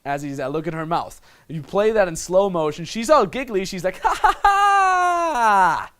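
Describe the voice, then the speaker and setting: A man's voice: on the high side, animated, a little fast. Blunt, casual male dating coach. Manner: casual, blunt, swears freely, addresses the listener as "my friend". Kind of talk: instructional monologue.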